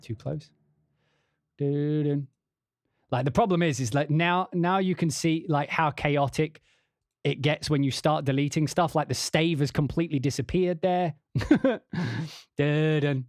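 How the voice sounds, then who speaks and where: Chatty swearing English man demoing software. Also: on the high side, normal speed, no room sound, studio quality. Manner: chatty, swears, laughs at own mistakes. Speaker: livestream host demonstrating music software. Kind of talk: casual livestream demo.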